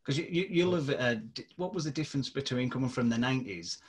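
A man's voice: medium pitch, quick pace, husky. A man interviewing his guest with chatty, leading questions.

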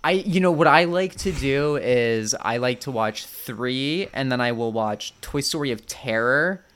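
Man telling dry deadpan jokes. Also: mid-range voice, measured pace, clear, resonant tone. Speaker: podcast co-host. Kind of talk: casual film-discussion chat.

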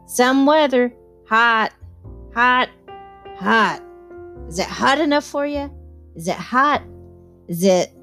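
A woman's voice: fairly high pitch, lively intonation, takes it slowly, long pauses, pushed and bright, soft background music, voice pushed up, full character voice. A woman reading aloud and voicing a chummy male train conductor griping about the heat. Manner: repetitive, chummy, complaining.

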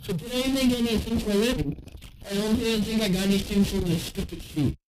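A man giving intense, excited gameplay commentary, trash-talking and reacting loudly. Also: high-pitched, fast, slight background noise, rough recording. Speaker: gaming video creator.

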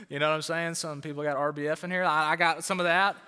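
Fired-up preacher man, bright ringing voice. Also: a little high, fairly even intonation, brisk, clear, resonant tone. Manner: fired-up preaching, repeats words for emphasis. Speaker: pastor. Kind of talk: sermon. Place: church auditorium before a crowd. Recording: long hall reverb.

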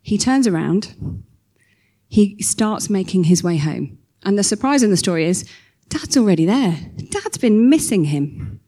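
A woman preaching a sermon, telling a story with lively acted-out quotes. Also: medium pitch, a little slow. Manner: animated storytelling, acting out quoted voices.

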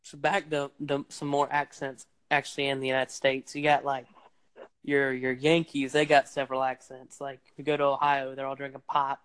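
A man's voice: medium pitch, completely flat delivery, moderate pace, a bit bright, clean tone. A young man hosting a casual podcast, rambling and playful with lots of fillers, recorded on a phone microphone. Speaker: podcast host. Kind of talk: casual chat.

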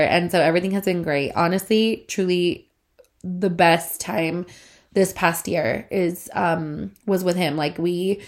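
A woman around thirty hosts a casual solo podcast, rambling in a chatty, profane way. Her lowish voice is a little slow and stuffed-up from congestion, so she breathes through her mouth.

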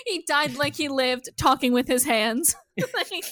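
A woman with a high voice co-hosts a chatty podcast, talking loosely with frequent fillers and cursing. The sound is dry and close, with no room echo. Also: expressive, unhurried, fairly bright tone. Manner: casual, swears, many "like" fillers. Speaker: podcast co-host. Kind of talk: casual chat.

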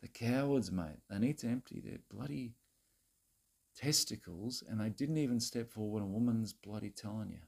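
Gravelly, a little mellow and slightly rough, the man's voice sits on the low side and moves at a moderate pace. He performs a satirical rant to camera as a crude, self-righteous Aussie who lectures women, preachy and rambling, repeating himself and leaning on "mate" and "bloody" constantly.

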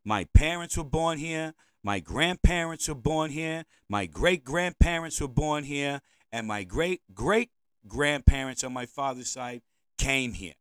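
A man's voice: on the high side, lively intonation, a little slow, fairly bright tone, clean tone, no room sound, poor audio. A man, hosting a podcast as an opinionated monologue. He rambles, repeats himself and says provocative things. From United States. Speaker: podcast host. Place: indoors, seated at home.

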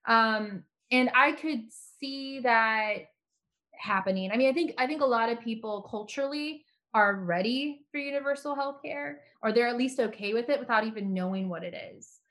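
Woman from the US, fairly high voice, lively opinionated talk, casual conversation. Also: normal speed. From United States. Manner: animated, rises sharply when exasperated.

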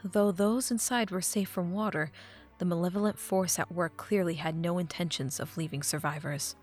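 A woman reading a fan fiction audiobook, with expressive narration that drops to a hush at dramatic moments. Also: fairly low pitch, normal speed, soft background music.

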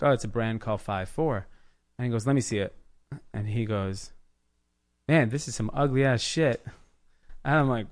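A man in his thirties from the Los Angeles area, a podcast guest telling his business story in a casual, animated way, acting out the people he quotes. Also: lowish voice. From United States, Los Angeles area. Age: 30s. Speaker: podcast guest, clothing brand founder.

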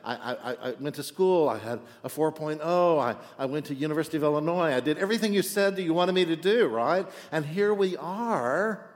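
A man's voice: fairly high pitch, animated, moderate pace, big-room sound, voice pushed up, natural voice. A man preaching voices a dutiful older brother who stammers and complains, in a sermon retelling. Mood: aggrieved. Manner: flustered, complaining, stammering restarts. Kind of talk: sermon storytelling.

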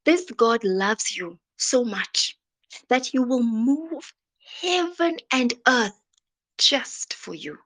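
Woman, slow unhurried delivery, dramatic faith sermon with hushed whispers. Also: a little high, expressive. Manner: dramatic, drops into soft whispers. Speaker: motivational speaker. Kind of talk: inspirational sermon.

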